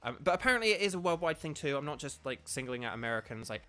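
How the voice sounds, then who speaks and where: A man's voice: fairly high pitch, big pitch swings, rapid-fire, pushed and bright. A man streaming a video game, chatting casually and drifting between the game and his viewers' comments. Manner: chatty, digressive, reads chat aloud. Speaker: gaming streamer and voice actor.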